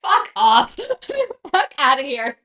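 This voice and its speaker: A woman hosting a casual podcast in a high, very bright voice. Her pitch swings widely as she reacts to her guest with quick, teasing exclamations. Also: sing-song. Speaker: podcast host. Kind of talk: casual chat.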